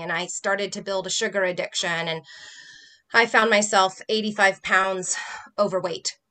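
A woman speaking as a podcast guest, her voice bright and forward. She tells her own story in an earnest, reflective way, like a health coach speaking from experience. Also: medium pitch. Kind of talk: personal testimony in a faith podcast conversation.

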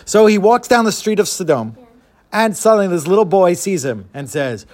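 A man telling a traditional tale in an animated way, pausing for explanatory asides. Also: high-pitched. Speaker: storyteller.

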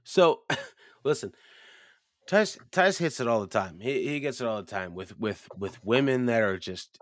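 A man's voice: medium pitch, expressive, a little slow, no echo, studio quality. A man casually telling a crude, profane story on a podcast, animatedly acting out his friends' lines.

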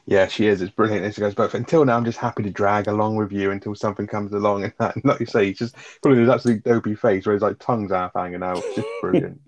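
A man's voice: fairly low pitch, steady tone, fast talker. A man co-hosting a casual chat about a sitcom episode, rambling with fillers and the odd swear. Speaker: podcast co-host. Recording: dull lo-fi sound.

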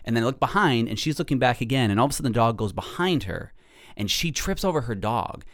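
Animated man telling a story. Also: medium pitch, quick pace. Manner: animated storyteller, laughs often. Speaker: podcast co-host. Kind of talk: casual chat.

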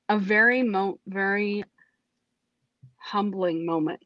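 A woman telling her personal testimony in a casual, animated way, acting out what she said back then. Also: mid-range voice, measured pace, no room sound, highs cut off. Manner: animated, acts out her own past remarks. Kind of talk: casual storytelling.

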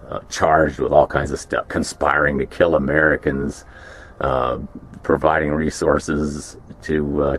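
A man and former prison officer telling stories casually, rambling with many fillers and restarts. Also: extremely low pitch. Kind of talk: casual storytelling.

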